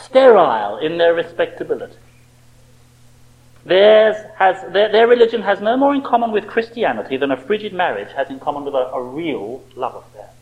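A man's voice: on the high side, sing-song, normal speed, highs cut off. A man preaching a sermon with impassioned rhetorical questions.

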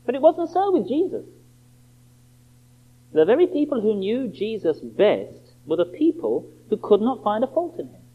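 This sermon comes from a man with a high, husky, animated voice that swings widely in pitch. He speaks emphatically, poses rhetorical questions, and reads quoted scripture slowly, all captured in a thin, phone-like recording.

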